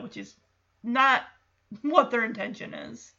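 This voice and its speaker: A woman's voice: sits high, animated, unhurried, pushed and bright, highs cut off. A woman chatting casually as she recaps a film, with an exasperated, chatty manner. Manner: exasperated, chatty, reacts to the story. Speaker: movie recap host. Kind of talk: casual movie recap commentary.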